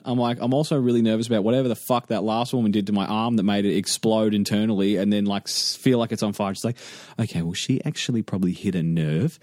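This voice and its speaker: A man on a podcast who tells a story in casual chat. He swears a lot and acts out the people in it, jumping up loud for the quotes. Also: lowish voice, quick pace, few pauses, no echo, studio quality. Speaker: podcast co-host.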